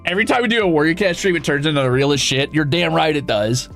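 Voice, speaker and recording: A man streaming and chatting casually, excitable and profane, with sudden loud outbursts. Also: on the high side, fast, creaky, hardly any pauses, faint music behind. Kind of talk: casual live-stream chat.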